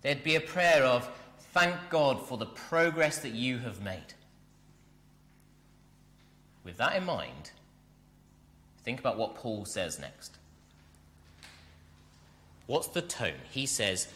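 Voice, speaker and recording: A man preaching a sermon, animated and speaking directly to his congregation in a church. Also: mid-range voice, takes it slowly, pauses often, in a large hall. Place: church hall.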